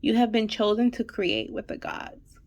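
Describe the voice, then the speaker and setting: A woman hosting a spiritual fertility channel reads angel messages in an intuitive card reading monologue, emotional and holding back tears. She repeats her affirmations and keeps asking "okay?" in a slightly high, a little mellow voice with lively intonation at a moderate pace.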